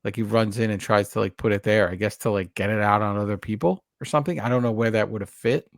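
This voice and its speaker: A man's voice: on the low side, quick pace, creaky, dry recording, studio quality. A man co-hosting a podcast, talking casually and at length, often restarting his sentences as he recaps scenes. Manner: rambling, self-correcting, animated recaps. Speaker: podcast co-host. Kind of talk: casual chat about a horror movie.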